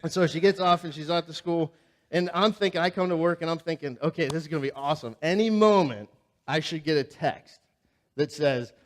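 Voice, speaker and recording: A man's voice: on the high side, fairly quick. A pastor with a slightly raised voice preaches in a church, loose and conversational. He tells funny everyday stories with animation and keeps turning questions back to the listeners. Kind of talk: sermon with humorous storytelling. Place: church sanctuary.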